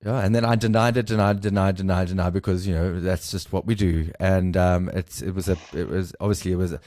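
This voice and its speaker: A man hosting a podcast interview, talking candidly in a halting way with many fillers. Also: low-pitched, fairly even intonation, a little mellow. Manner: halting, filler-heavy, confessional. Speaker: podcast host.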